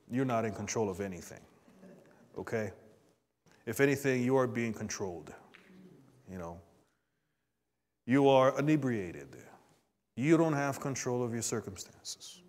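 A man preaching a sermon to a congregation. He swings between quiet asides and emphatic rises, and calls out for responses. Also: mid-range voice. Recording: long hall reverb.

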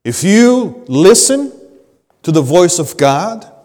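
A man preaches a sermon at a deliberate, unhurried pace, his high voice leaping through a wide, lively range. He punches key words loudly, then drops to hushed, low phrases. The sound carries a long reverb like a large sanctuary. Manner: dramatic preaching, swings from loud emphasis to hushed low lines. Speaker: pastor.

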